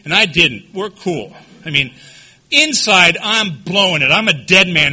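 A man giving a recovery-meeting talk, telling his own story candidly with dark humor. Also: high-pitched, animated, a little fast. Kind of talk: personal testimony speech.

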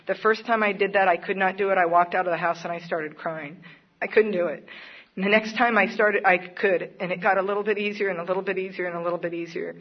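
A woman's voice: fairly low pitch, fairly even intonation, brisk. A woman speaking at a recovery meeting, sharing her own story in an earnest, plainspoken way with occasional laughs. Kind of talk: personal testimony at a support meeting. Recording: dull lo-fi recording.

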